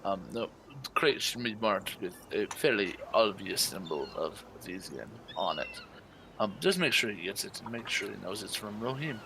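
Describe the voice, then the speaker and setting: A man playing a tabletop role-playing game, talking smoothly in character with hesitant fillers. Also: lowish voice, lively intonation, moderate pace, background noise. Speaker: player.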